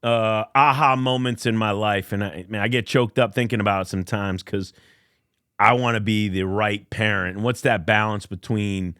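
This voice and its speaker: A man's voice: on the low side, steady tone, normal speed, fairly bright tone, smooth, no echo, clean studio sound. Earnest storytelling man in his fifties. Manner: earnest, emotional storyteller who acts out quotes. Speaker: college baseball coach, guest. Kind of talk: podcast interview storytelling.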